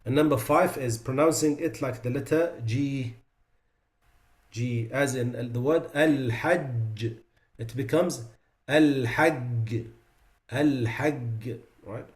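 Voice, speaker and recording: A man's voice: mid-range voice, a little mellow. Guy teaching quran recitation, stretches out the example sounds, chatty and casual in between. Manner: explanatory, demonstrates pronunciations slowly and repeats them; loose, conversational asides with fillers. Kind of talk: online class lecture.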